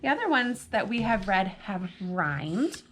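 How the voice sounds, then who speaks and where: Very animated yet unhurried, a woman with a medium-pitched, fairly bright voice leads a library storytime for young kids. Picked up on a camera mic with slight background noise, she reads poems and chats, peppering the children with questions.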